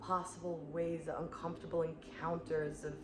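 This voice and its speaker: A woman spiritual coach speaking in an earnest, searching way, full of "like" and soft laughs, in a reflective monologue. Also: low-pitched, little pitch movement, moderate pace. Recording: echoey room with clear background noise.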